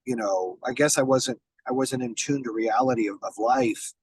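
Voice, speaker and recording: A man's voice: medium pitch, normal speed, slightly rough, dry recording, low-quality recording. A man in a casual podcast interview as a guest. He talks bluntly and emphatically, swears, and often restarts his sentences. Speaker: podcast guest, business founder.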